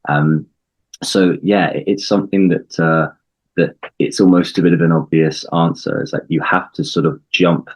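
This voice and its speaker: A man from the UK, an English coach, explaining things in a measured way in a conversational interview, with frequent ums and restarts. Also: low voice, fairly even intonation, husky, low-quality recording.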